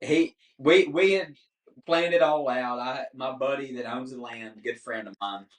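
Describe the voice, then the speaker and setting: Man, 30s, lively podcast guest, mid-pitch, recorded off-mic in an echoey room. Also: unhurried. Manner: animated, laughs often, says "dude" a lot. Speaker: guest hunter. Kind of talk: casual storytelling on a podcast. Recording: roomy, distant mic.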